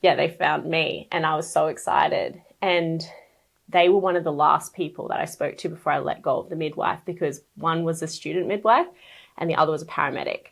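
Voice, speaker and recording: A woman's voice: low voice, a little fast, gravelly. A woman speaking as a podcast guest, sharing a personal story in a casual, chatty way, full of fillers and open emotion.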